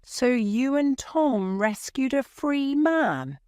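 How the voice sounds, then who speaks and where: A woman's voice: high voice, animated, takes it slowly, a little mellow, clear, resonant tone, no echo, clean studio sound, voice pushed up. A woman doing a fussy, scolding aunt.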